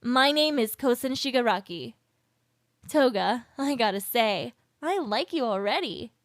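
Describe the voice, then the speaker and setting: A man voicing a calm, menacing young woman who teases in a cool, controlled way. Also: very high-pitched, unhurried, dry recording, clean studio sound, pitched above the performer's own voice, heavily acted. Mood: calm friendly.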